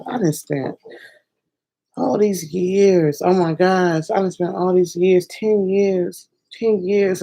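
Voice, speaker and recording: A woman chatting excitedly on her first livestream from home at night, rambling and laughing, with sudden bursts of squealing joy. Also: lowish voice, vocal fry, rough recording. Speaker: filmmaker and singer doing her first livestream. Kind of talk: casual excited livestream chat.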